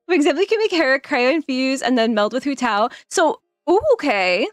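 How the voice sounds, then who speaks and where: A woman's voice: a little high, sing-song, fairly quick, few pauses, no echo, studio quality, soft background music. A woman streamer chatting casually on a live stream, giggling often and rambling through plenty of fillers.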